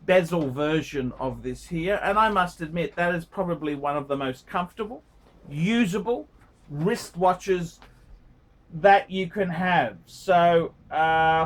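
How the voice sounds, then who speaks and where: A man's voice: sits high, a bit bright. A middle-aged man giving a rambling, blunt, profane review of a viewer's watch collection. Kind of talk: casual review monologue.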